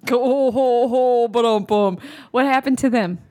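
A woman's voice: a little high, measured pace, a little mellow. A woman co-hosting a radio show, teasing and laughing often in bantering talk. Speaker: radio co-host.

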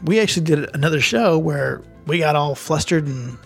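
A man's voice: on the high side, lively intonation, normal speed, gravelly, slightly rough. Guy cohosting a faith podcast, kinda hesitant, keeps restarting, faint music behind. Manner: hesitant, searching for words, many restarts. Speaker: podcast co-host. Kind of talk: casual faith discussion.

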